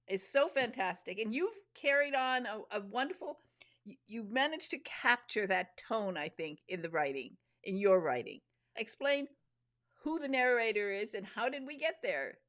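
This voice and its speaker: A woman's voice: fairly high pitch, a bit bright. A woman hosting an interview, enthusiastic and prone to stammering restarts. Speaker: host. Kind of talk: casual interview chat.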